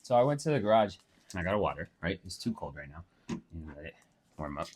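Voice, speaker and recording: A man's voice: low-pitched, very animated, fast, darkish tone, husky. A man co-hosting a casual podcast, profane and teasing, laughing often as he tells stories. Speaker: podcast co-host. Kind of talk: casual chat. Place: Phoenix.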